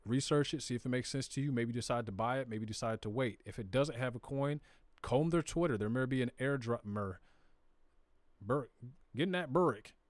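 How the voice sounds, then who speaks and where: A man with a Southern US accent hosts a live crypto stream, casually walking viewers through charts and data in plain, slangy language. His medium-pitched voice moves fairly quickly and carries no echo. He talks straight to his audience in a conversational screen-share style, dropping into slang now and then.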